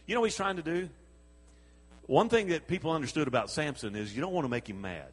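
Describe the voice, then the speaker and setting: A man's voice: medium pitch, big pitch swings, normal speed, long pauses, husky, big-room sound. A man preaching a sermon, telling the story with chuckles and acted-out quotes.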